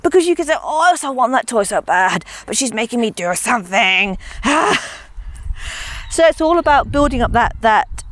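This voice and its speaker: Woman dog trainer chatting thru a demo outside, bouncy up and down voice, faint ambient hiss. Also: high voice. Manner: chatty, animated, talks to her dogs between explanations. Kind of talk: casual training demonstration.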